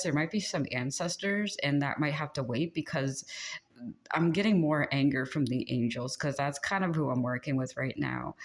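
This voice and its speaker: A host giving a casual channeled spiritual pep talk, chatty and rambling, laughing often and venting frustration. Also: medium pitch. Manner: chatty and rambling, with many fillers and frequent laughs; exasperated and venting.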